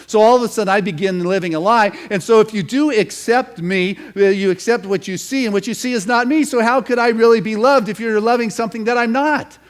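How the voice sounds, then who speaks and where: A man, a minister, preaching a sermon and telling a parable as a story, moving from hushed passages to emphatic ones. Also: sits high, a little fast.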